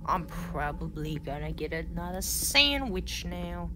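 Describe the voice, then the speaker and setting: Rambling woman gamer over loud music. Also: lowish voice, slow pace, pauses often. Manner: chatty, rambling, easily excited. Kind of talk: let's play commentary. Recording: loud game music behind.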